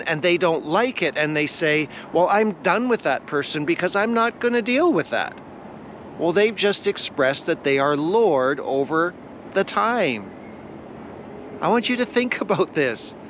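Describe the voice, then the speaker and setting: A man teaching a devotional lesson on a vlog, earnest and deliberate, repeating his key phrases for weight. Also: a little high, a bit bright, slight background noise. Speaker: Bible teacher.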